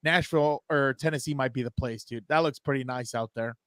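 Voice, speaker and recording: A man co-hosting a casual sports podcast over a video call, loud, profane and fired up. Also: mid-range voice, a little fast, no room sound, studio quality. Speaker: podcast co-host.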